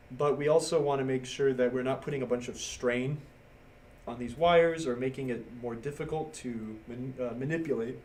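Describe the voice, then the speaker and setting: A man's voice: medium pitch, darkish tone, slight background noise. A man hosting a live stream, casually explaining a circuit board repair step by step as he works and chats with viewers. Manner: casual, step-by-step narration while working, reads chat. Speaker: livestream host doing pinball repair. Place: workbench.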